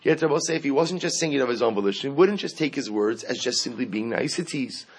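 A man gives a Talmud lesson in a husky, mid-pitched voice. He teaches with energy and slips into the voices of the people in each case to act them out. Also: fast talker. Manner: animated, acts out quoted speakers, mixes Aramaic terms into English. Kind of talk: Talmud class lecture.

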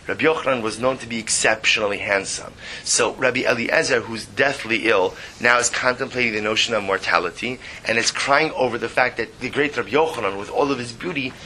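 Reading passages and unpacking them in a lively manner, a man teaches a text study class, frequently repeating phrases and throwing in emphatic asides. His voice sits in the mid range, and a little hiss or hum can be heard.

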